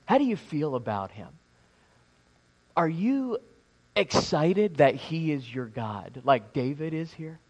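Halting, higher-pitched man preaching. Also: sing-song. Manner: halting, with many restarts and repeated words. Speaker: pastor. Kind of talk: sermon. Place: church sanctuary.

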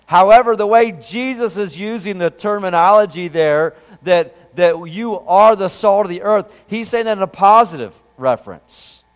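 A man's voice: high-pitched, normal speed, few pauses, clean tone, big-room sound. A man preaching a sermon as pastor, talking in a conversational way and asking the congregation questions. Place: church sanctuary.

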